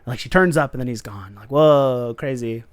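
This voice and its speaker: A man's voice: mid-range voice, quick pace, no room sound. A man co-hosting a podcast, recapping a show in casual chat and acting out characters' lines with laughs. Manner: animated, acts out lines with laughs. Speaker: podcast co-host.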